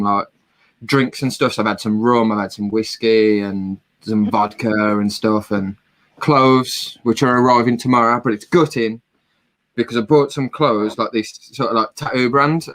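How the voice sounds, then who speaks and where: A man's voice: medium pitch, a bit bright. A British man hosting a livestream on a video call, chatty and swearing casually. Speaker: livestream host.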